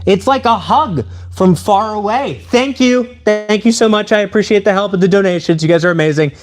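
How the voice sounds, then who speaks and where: A man live-streaming a demonstration of improvised weapons. He talks to his chat in an excitable, playful way. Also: sits high, brisk. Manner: excitable and playful, addressing viewers directly.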